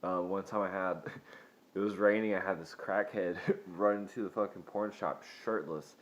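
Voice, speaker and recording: Young male vlogger, very low voice, casual profane storyteller, muffled lo-fi audio. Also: steady tone, moderate pace. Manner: profane, rambling, laughs often. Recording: dull lo-fi sound.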